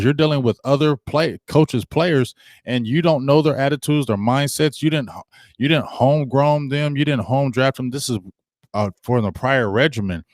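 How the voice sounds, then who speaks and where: Sports host, male, animated and chatty, dry close-miked live-stream sound. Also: mid-range voice, no room sound. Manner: animated, acts out quoted coaches, talks to viewers.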